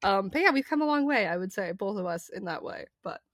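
A young woman co-hosting a podcast, earnest and reflective, animated when telling stories. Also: mid-range voice, fast talker, dry recording, clean studio sound. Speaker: podcast co-host. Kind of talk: casual podcast chat.

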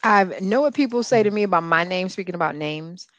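A woman's voice: lowish voice, expressive, brisk, fairly bright tone, no room sound. Candid exasperated woman co-host. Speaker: podcast co-host. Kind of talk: casual chat.

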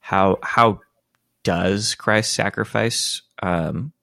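A man's voice: fairly low pitch, extremely slow, gravelly, bright, forceful tone, no echo, studio quality. A man co-hosting a casual book podcast, easygoing, trailing into fillers as he thinks. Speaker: podcast co-host. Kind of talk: casual book-club chat.

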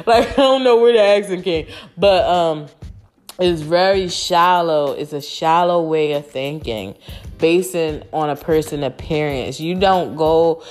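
A woman's voice: sits low, darkish tone. A woman talking straight to camera in a frank, emphatic, casual monologue that has some swearing.

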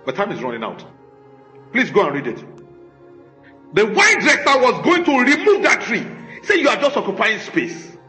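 A male pastor preaching with a very high, bright, forceful voice that swoops through a lively range. He drives his points home with rhetorical questions and scolding emphasis. The recording is echoey, with faint music underneath. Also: moderate pace, long pauses. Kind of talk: sermon.

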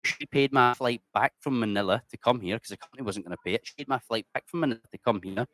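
A man's voice: medium pitch, quick pace, fairly bright tone, no room sound. A middle-aged man with a Scottish accent, telling stories in a casual interview, chatty and swearing freely. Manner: chatty, swears freely, says "mate" a lot. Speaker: interview guest. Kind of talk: casual storytelling.

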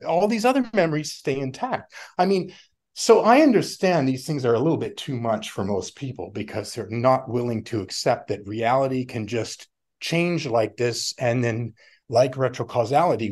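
A middle-aged man talking casually as a podcast guest, rambling and animated, often laughing and acting out other people's voices. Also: medium pitch. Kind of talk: casual conversation.

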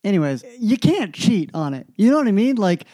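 A young man co-hosting a casual podcast, telling school stories in an animated way and acting out the people he quotes. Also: high voice, a little fast, no room sound. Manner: animated storyteller, acts out quoted voices. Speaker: podcast co-host. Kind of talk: casual chat.

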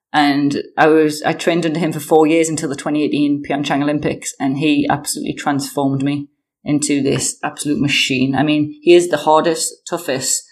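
A woman in her thirties from the United Kingdom, a guest chatting casually in an interview, with lots of fillers and animated storytelling. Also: low voice.

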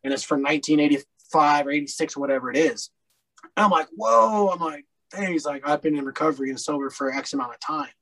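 A man's voice: fairly high pitch, steady tone, fast, fairly bright tone, rough recording. A man from Colorado, a podcast guest telling his story in a candid, rambling way, with lots of fillers and blunt swearing. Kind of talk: casual storytelling interview.

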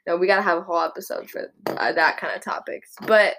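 A woman's voice: on the low side, steady tone, fast talker, a bit bright. A young woman co-hosting a casual podcast, teasing and laughing often. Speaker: podcast co-host. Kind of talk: casual chat.

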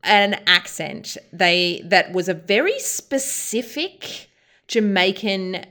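A woman with an Australian accent, co-hosting a podcast in casual chat, animated and quick to laugh. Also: medium pitch. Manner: animated, laughs often, repeats herself. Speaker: podcast co-host.

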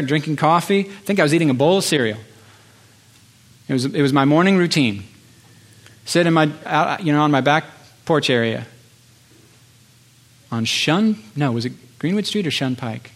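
An impassioned male pastor delivering a sermon. His voice sits fairly high, and he builds his points through repeated phrases broken by pauses. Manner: impassioned, rhetorical repetition with pauses.

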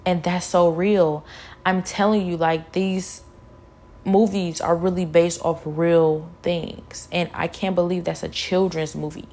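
Fervent young woman, slightly low voice. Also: fairly even intonation, measured pace, darkish tone. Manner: fervent, repeats phrases, many "like" fillers. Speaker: vlogger sharing a personal testimony. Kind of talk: emotional personal storytelling.

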